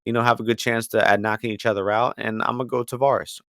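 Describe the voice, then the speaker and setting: A man's voice: medium pitch, level tone, fast talker, a bit bright, no room sound, studio quality. A man co-hosting a casual betting podcast, loose and profane, often stumbling over names. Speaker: podcast co-host, betting picks. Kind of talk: casual chat.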